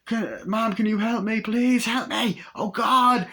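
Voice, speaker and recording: A man's voice: sits high, measured pace, pushed and bright, voice pushed up, full character voice. A man doing a panicked teenage girl, pleading. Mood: terrified pleading. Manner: screaming, pleading, breathless panic. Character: terrified teenage girl babysitter fleeing a killer.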